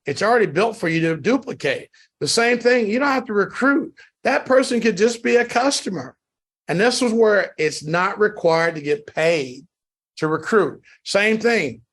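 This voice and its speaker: A man giving a sales training talk on a call, emphatic and repetitive in a motivational pitch. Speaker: network marketing trainer.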